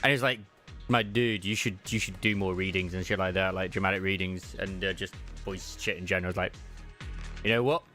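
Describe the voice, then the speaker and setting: A man's voice: steady tone, a little fast, bright, forceful tone, faint music behind. A man streaming a game, chatting casually, swearing freely and reading game lines aloud. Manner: chatty, swears casually, jumps into higher pitch when reading dialogue.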